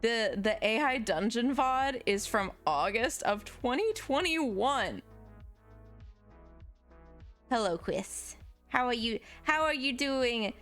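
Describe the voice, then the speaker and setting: A woman streamer chatting casually while drawing, rambling and swearing freely, her voice jumping up in pitch now and then. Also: animated, slow, long pauses, a bit bright, soft background music.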